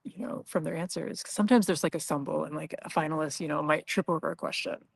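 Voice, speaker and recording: A man's voice: a little high, fairly even intonation, fast talker, gravelly, slightly rough. A man co-hosting, chatting casually about a reality game, thoughtful and full of fillers. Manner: thoughtful, many fillers like "you know" and "kind of". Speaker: co-host of the broadcast. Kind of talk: casual commentary chat.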